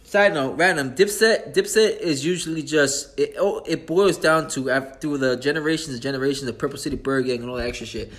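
A man hosting a casual hip-hop talk podcast, loose and profane, often laughing and speaking in quick bursts. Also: fairly high pitch, a bit bright. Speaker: podcast host.

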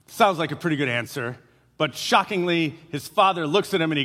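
A man's voice: high voice, animated, moderate pace, pushed and bright, slightly rough. A man preaching a sermon as pastor, speaking conversationally with frequent filler "uh"s. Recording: long hall reverb.

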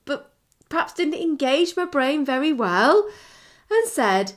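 A woman's voice: high-pitched, a little slow. A middle-aged woman co-hosting a podcast, telling a story with animation and laughing often. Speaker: podcast co-host. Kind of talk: casual chat.

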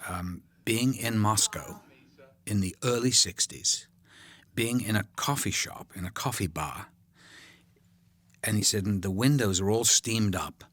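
An older man recalling making a film in a relaxed, rambling commentary, full of ums and drifting into whispers. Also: sits low. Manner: rambling, warm anecdotes, frequent ums, drops to whispers.

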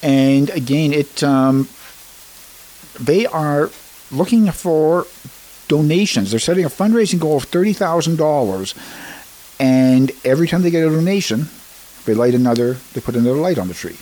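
A man's voice: on the high side, lively intonation, moderate pace, mellow, rough recording. A man hosting a community radio show, reading announcements and chatting in a rambling way with fillers and restarts in a studio. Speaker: radio host.

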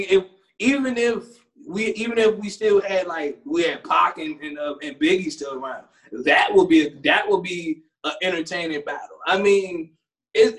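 A man, co-hosting a casual chat, animated and rambling, laughing often. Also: sits high. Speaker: co-host.

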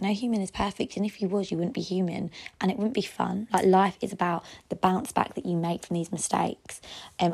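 A woman's voice: fairly low pitch, gravelly, a little mellow, husky. A young woman hosting a solo advice podcast, chatty and frankly encouraging. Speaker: podcast host.

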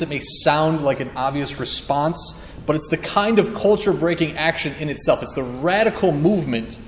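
Earnest preacher in an echoey hall. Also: male voice, a little high, a little hiss or hum. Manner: earnest, emphatic teaching with acted-out quotes. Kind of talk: sermon. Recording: echoey hall with long reverb.

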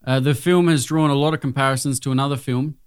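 A man's voice: mid-range voice, fairly even intonation, quick pace, clean tone, dry recording, studio quality. A young Australian man co-hosting a casual podcast chat, telling rambling stories with lots of swearing and restarts. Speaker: podcast co-host.

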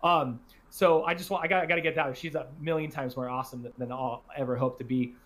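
A man's voice: mid-range voice, steady tone, quick pace, a bit bright. A man in his thirties hosting a podcast, telling family stories in casual chat, laughing and swearing freely. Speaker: podcast host.

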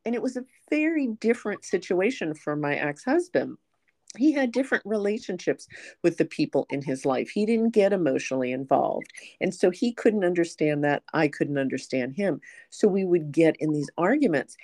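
A woman's voice: on the low side, animated, moderate pace, a little mellow, no room sound, clean studio sound. A woman hosting a podcast, sharing personal stories in an earnest, conversational way. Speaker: podcast host. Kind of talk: casual conversational interview.

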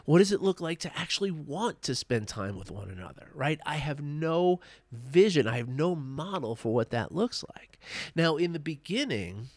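A man in his thirties speaking to camera in a personal vlog, earnest and halting, full of fillers and restarts, tearful and emotional as he reflects. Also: fairly high pitch, sing-song, darkish tone, no echo.

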